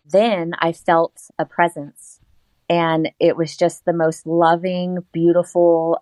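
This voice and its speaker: A woman telling a personal story in an interview, animated and laughing often as she acts out what she said at the time. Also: lowish voice, dry recording, poor audio. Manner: animated, laughs often, acts out her own past lines. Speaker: guest.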